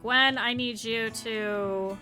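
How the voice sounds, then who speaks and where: A woman's voice: fairly high pitch, fairly even intonation, slow pace, sharp tone, soft background music. A woman streamer commenting on her gameplay live, chatting with her viewers, scolding her characters and swearing freely.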